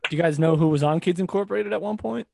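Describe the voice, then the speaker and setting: A man's voice: sits high, fast, gravelly, mellow, a little hiss or hum. A man co-hosting a casual podcast, rambling and jokey about pop culture. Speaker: podcast co-host.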